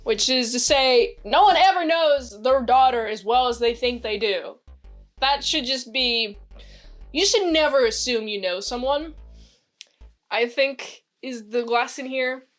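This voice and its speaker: A woman casually recapping and reviewing a TV episode in a rambling, excitable way, full of fillers. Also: sits high, a little slow. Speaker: TV show reviewer. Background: faint background music.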